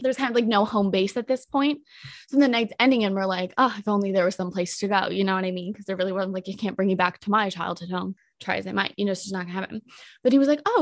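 A young woman cohosting a podcast, telling a dating story in a casual, animated way, jumping up in pitch when she quotes people. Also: no room sound, clean studio sound. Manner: animated, acts out quotes with jumps in pitch, many fillers.

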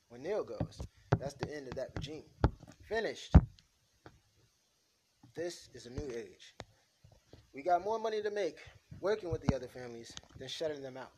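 A man reading as a calm scheming crime boss. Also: medium pitch, noisy background, close to an everyday voice.

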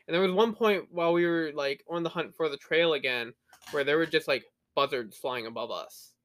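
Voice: mid-range voice, fairly quick, a bit bright. Podcast co-host, casual rambling storyteller, filler words and swearing throughout.

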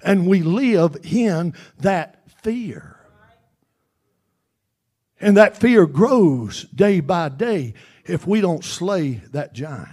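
A man preaching, his voice pitched high for a man. His delivery is fervent and repetitive, building toward shouts, and he drawls slowly through his sermon. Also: animated.

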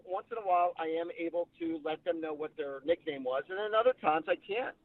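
On a tinny line that sounds like a phone call, with no echo, a psychic medium tells stories in an interview, his voice on the high side and a little fast. He's animated and anecdotal, performing the voices of those he quotes.

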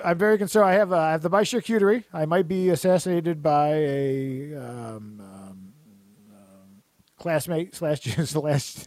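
A man's voice: fairly high pitch, darkish tone, dry recording. A man co-hosting a casual chat, rambling and joking, often breaking into laughter. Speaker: podcast co-host.

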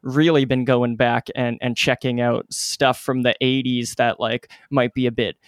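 Male co-host, smooth resonant voice, dry close mic, hesitant self-correcting chat. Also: medium pitch, level tone, a little slow, no echo. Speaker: podcast co-host. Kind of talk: casual podcast chat.

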